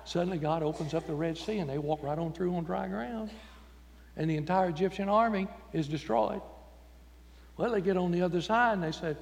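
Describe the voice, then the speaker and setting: A man's voice: high voice, brisk, a little mellow. A man preaching a folksy, emphatic sermon in a church. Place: church sanctuary. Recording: long church reverb.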